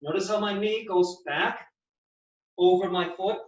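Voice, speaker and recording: Seorang pria bersuara tinggi memperagakan latihan lutut, terdengar jauh dan bergema di ruangan, suara agak redup. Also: male voice, high-pitched, unhurried. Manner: instructive, explains while demonstrating movements. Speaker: physical therapist. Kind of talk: exercise demonstration. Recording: echoey, distant, dull sound.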